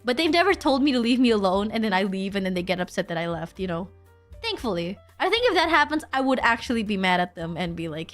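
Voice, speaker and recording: A woman's voice: mid-range voice, big pitch swings, fast, soft background music. A young woman streaming, chatting casually and rambling, with lots of restarts and self-deprecating asides. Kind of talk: casual livestream chat.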